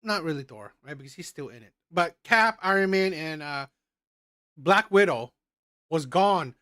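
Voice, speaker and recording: A man's voice: on the high side, expressive, unhurried, sharp tone, no echo. Male co-host, casual and rambling, hesitant delivery, dry recording. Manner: rambling, hesitant, restarts and asides. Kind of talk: casual opinion chat.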